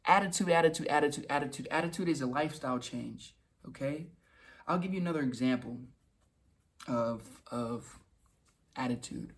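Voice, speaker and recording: A man's voice: medium pitch, normal speed. A young man telling a casual, rambling story in a vlog, restarting and repeating words and swearing now and then. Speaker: vlogger.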